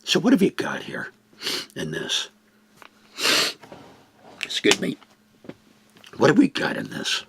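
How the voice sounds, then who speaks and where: Gravelly older man, slow expressive teaching. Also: on the low side, noisy background. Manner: expressive, acts out quoted dialogue. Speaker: Bible teacher. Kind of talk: reflective Bible talk.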